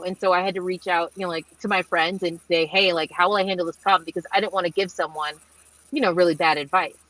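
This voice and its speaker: A young woman, a marine engineer, answering webinar questions over a video call in a chatty storytelling way with lots of fillers and lively quoted dialogue. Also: mid-range voice, dry recording, rough recording.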